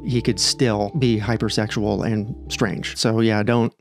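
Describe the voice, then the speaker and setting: A man giving reaction commentary on dating-app screenshots, sarcastic and animated. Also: lowish voice, a little slow, soft background music. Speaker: social media commentator.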